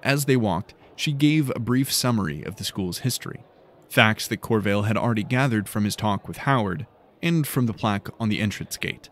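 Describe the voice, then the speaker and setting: A man reading a fantasy audiobook in calm, measured narration. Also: fairly low pitch.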